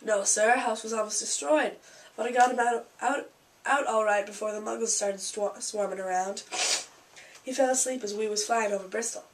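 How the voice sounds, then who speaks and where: A tender, tearful half-giant from a storybook, as a woman reads him aloud. He stammers and gets emotional, a shade louder than the narration around him. The mic sits a little far off with a faint hiss. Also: fairly high pitch, steady tone, moderate pace, natural voice. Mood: earnest. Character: huge gruff male half-giant groundskeeper, tender-hearted.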